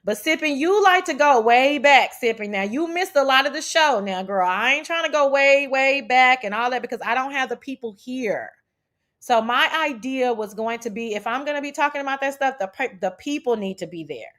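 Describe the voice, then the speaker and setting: A woman's voice: high voice, expressive, moderate pace, a bit bright. A woman hosting a casual livestream chat, brash and profane as she talks back to her chat. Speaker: livestream host.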